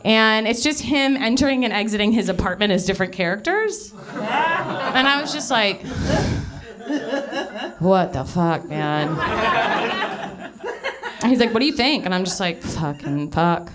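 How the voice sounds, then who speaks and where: A young comedian with a somewhat high voice talks animatedly and fairly fast over a noisy crowd at a live comedy venue. She spins a meandering, self-mocking story loaded with swearing and laughter, a bit short of breath.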